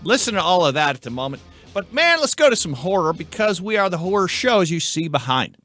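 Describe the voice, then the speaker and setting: A man's voice: high-pitched, sing-song, a little fast, bright, forceful tone, faint music behind. A man hosting a casual chat show, rambling and tripping over band names. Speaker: host.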